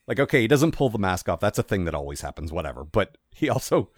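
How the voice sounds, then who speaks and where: A man's voice: deep voice, sing-song, no echo, clean studio sound. A man co-hosting a podcast, chatting casually and rambling with frequent restarts. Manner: rambling, self-interrupting, quick bursts. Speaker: podcast co-host. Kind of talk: casual chat.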